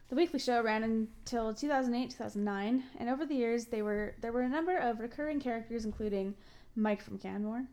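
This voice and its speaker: A woman's voice: on the high side, fairly quick, darkish tone. A woman, from Ontario, co-hosting a casual podcast. She switches between reading notes and chatting, laughs often, and fills her speech with "like" and self-corrections. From Ontario, Canada. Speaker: podcast co-host.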